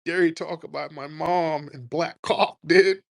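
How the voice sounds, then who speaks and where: A man mocking an offended eighteen-year-old male troll in a high, whining voice. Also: steady tone, unhurried, gravelly, no room sound, studio quality. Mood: outraged.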